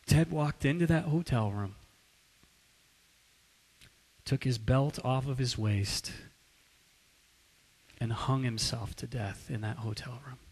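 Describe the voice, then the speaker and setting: A man at a middle pitch preaches through a dramatic story at a deliberately slow pace. His narration keeps dropping into hushed tones, then swells into loud, raised outbursts when he voices the characters' lines. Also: breathy edge, low-quality recording.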